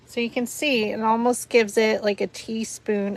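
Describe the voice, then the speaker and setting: Woman, slightly high voice, chatty craft tutorial host, laughs often with viewers. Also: little pitch movement, moderate pace, few pauses. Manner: chatty, giggly, talks through steps while working. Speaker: paper flower tutorial host.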